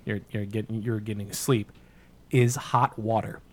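A man co-hosting a podcast, chatting casually and stumbling through restarts as he thinks aloud. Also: lowish voice. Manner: halting, many restarts, relaxed. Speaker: podcast co-host. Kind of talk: casual chat.

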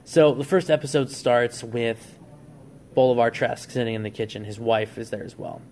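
A man's voice: medium pitch, normal speed, a little mellow, a little hiss or hum. A man co-hosting a casual podcast, eagerly walking through a story idea and acting out the characters' lines. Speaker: podcast co-host.

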